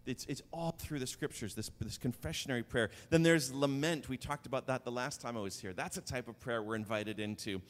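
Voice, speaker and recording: A man preaching a sermon, telling biblical stories with lively, animated dialogue. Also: mid-range voice, a little fast, few pauses, in a large hall.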